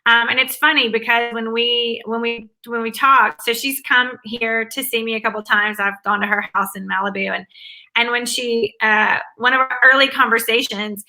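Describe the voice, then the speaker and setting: Woman, Southern US accent, very bright tone, slightly high voice, enthusiastic interview guest. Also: fairly even intonation, moderate pace, vocal fry, low-quality recording. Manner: upbeat, enthusiastic, talks in long run-on answers. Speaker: guest, former academic advisor. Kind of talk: conversational interview.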